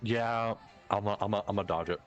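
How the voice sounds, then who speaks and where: Low-voiced joking male player. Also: brisk, lo-fi sound, soft background music. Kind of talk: casual tabletop play.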